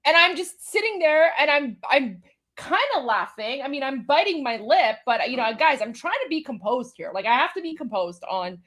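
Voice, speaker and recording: A woman's voice: sits high, sing-song, normal speed, fairly bright tone. A woman hosting a live commentary show, reacting to a clip with incredulous, exasperated asides. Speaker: host.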